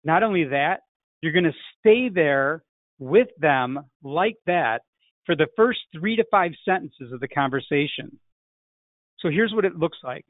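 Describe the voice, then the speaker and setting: Sales coach, male, fairly high voice, emphatic, thin phone-like sound. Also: expressive, measured pace, no room sound. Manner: emphatic, frequent "right?" tags. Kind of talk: online sales class. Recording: tinny phone-like line, dry.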